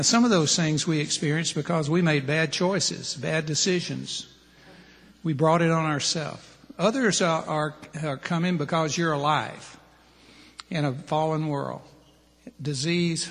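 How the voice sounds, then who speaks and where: A man's voice: a little high, big-room sound. A middle-aged man preaching a plain-spoken sermon to men, listing his points one by one. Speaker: preacher at a men's ministry.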